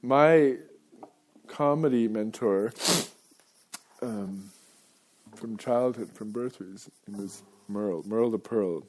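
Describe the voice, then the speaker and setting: A man's voice: lowish voice, slow pace, darkish tone, slight background noise. Rambling man doing live comedy. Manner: rambling, laughing at his own slips. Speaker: comedian and kirtan singer. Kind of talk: live stand-up banter and singing. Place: live venue with an audience. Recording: live show with music and crowd. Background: guitar music and a crowd.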